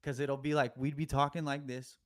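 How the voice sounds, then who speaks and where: A man's voice: mid-range voice, flat delivery, fairly quick. Rambling young man telling a story. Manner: rambling, slangy, laughs often mid-story. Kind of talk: casual podcast storytelling.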